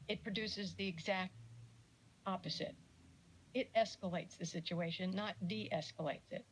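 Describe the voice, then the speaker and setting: A middle-aged woman giving a casual lecture on parenting, chatty and animated, with jokey asides and little acted-out quotes. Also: on the low side, a little slow, slightly rough, low-quality recording. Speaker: speaker giving a talk on parenting.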